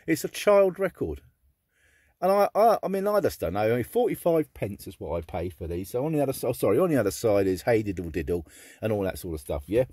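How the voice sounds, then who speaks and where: A man talks on camera in a chatty, eager way, his voice husky. His pitch swings up and down, giving his talk a lively lilt. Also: quick pace, no room sound. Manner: chatty and enthusiastic. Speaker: record collector vlogger. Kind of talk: casual chat.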